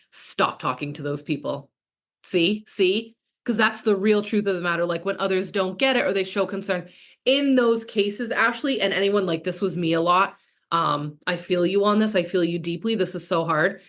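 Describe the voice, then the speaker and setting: A woman's voice: medium pitch, normal speed, fairly bright tone. Frank, swearing woman coach. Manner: frank, casual, profane, reads out chat comments. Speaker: business coach. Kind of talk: coaching call.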